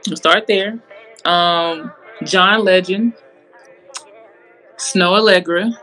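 A woman from Atlanta, a basketball coach, chatting as a guest on a sports show. Her tone is bright and forward. She answers in a relaxed, easygoing way. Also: lowish voice, drawn-out words, soft background music, low-quality recording. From Atlanta, Georgia, USA. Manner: relaxed, easygoing, laughs easily. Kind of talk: casual interview.

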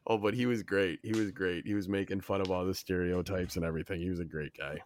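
A man's voice: low voice, fairly even intonation, quick pace, darkish tone. A young man co-hosting a podcast, chatty and jokey in casual talk. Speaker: podcast co-host.

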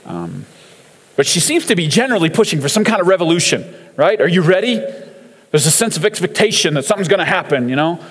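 Casual preacher man, slightly high voice, talky and loose, long hall echo. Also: sing-song, quick pace, fairly bright tone, husky. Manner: conversational, chatty, with frequent fillers and laughs. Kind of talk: casual sermon commenting on song lyrics.

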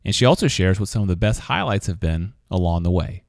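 Low-voiced male podcast host. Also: animated, fast talker, gravelly, no room sound, studio quality. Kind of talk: scripted narration and casual interview.

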